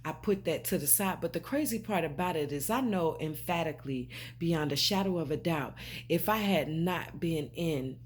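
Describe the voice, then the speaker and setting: There's a little hiss or hum behind this woman's low voice, which moves at normal speed. She's a spiritual vlogger talking direct to camera, emphatic and preachy, repeating points and calling viewers babe and honey.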